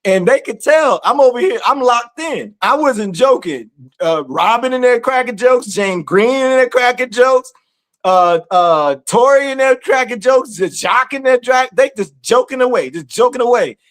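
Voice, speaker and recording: A man hosting an online community chat, telling stories in a teasing, laughing, animated way. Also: extremely high pitch, moderate pace. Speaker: community study host. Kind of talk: casual livestream chat.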